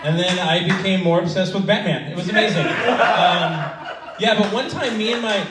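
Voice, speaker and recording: A man's voice: high-pitched, moderate pace, heavy background noise. A middle-aged man doing a stand-up comedy set at an open mic, telling crude stories in a rambling way with lots of fillers. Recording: echoey club from a distance. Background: audience laughter.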